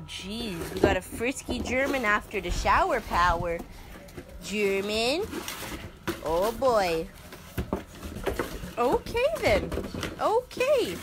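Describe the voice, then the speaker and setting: A woman's voice: slow, pauses often, heavy background noise. A woman from Southern California filming a casual vlog outdoors, talking playfully to her animals. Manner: playful baby talk to pets, lively swings in pitch. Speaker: vlogger.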